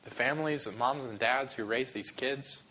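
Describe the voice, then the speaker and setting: Male pastor, bright-toned, emotional, halting delivery with restarts. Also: medium pitch. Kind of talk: sermon.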